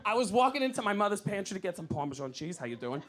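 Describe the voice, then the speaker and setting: Animated New York comic, high bright voice. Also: male voice, very fast. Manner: animated, loud storytelling with shouted outbursts. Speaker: stand-up comedian. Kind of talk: stand-up comedy set. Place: comedy club stage. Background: audience laughter.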